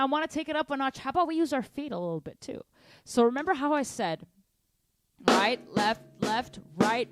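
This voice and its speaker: A woman's voice: on the high side, dry recording. Upbeat woman teaching drums. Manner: energetic, counts and sings rhythms aloud. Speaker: drum teacher. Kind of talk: live-streamed drum lesson. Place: home drum room. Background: drum kit.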